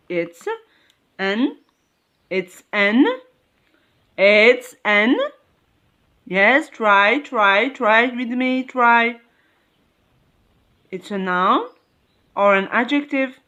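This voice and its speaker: A woman teaching an English lesson in English, talking slowly, repeating words and checking understanding again and again. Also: fairly high pitch, fairly bright tone, dull audio. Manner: slow, repetitive, checks understanding with "okay?"; non-native English phrasing. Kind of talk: classroom lesson.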